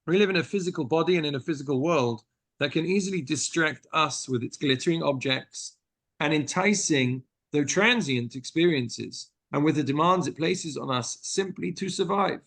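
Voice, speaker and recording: A man's voice: fairly high pitch, normal speed, fairly bright tone. A British man teaching a text study class as a rabbi, reading passages aloud and explaining them through stories in an earnest, explanatory way. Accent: British English. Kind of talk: text study lesson with storytelling.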